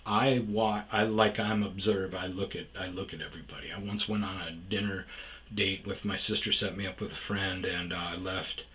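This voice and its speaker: A man's voice: low voice, flat delivery, moderate pace, a bit bright, poor audio. A man from Wisconsin telling a personal story in a rambling, profane way, often restarting his sentences. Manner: rambling, profane, self-interrupting. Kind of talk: casual spoken storytelling.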